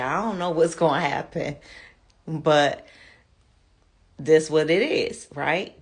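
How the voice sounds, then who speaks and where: Chatty, candid woman in her fifties. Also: sits low. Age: 50s. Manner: chatty, candid, addresses viewers as y'all. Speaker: show host. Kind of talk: casual testimony to viewers.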